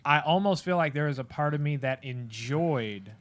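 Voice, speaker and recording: A man co-hosting a podcast who thinks aloud in a measured, deliberating way while weighing his picks in a casual movie debate. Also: a little high, lively intonation, fairly bright tone. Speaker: podcast co-host.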